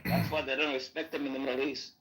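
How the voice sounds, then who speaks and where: A man's voice: medium pitch, fairly even intonation, fast, vocal fry, a bit bright, low-quality recording. A man in a casual online voice chat, ranting emphatically with profanity and lots of repetition. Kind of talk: heated casual rant.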